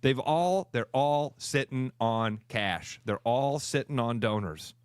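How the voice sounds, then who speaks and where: A fired-up male sports talk radio co-host, punching his words and repeating them for emphasis. He speaks at an ordinary middle pitch, and his voice sits close to the mic in a dry, dead studio with no room echo. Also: animated, slow, smooth. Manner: emphatic, heated ranting.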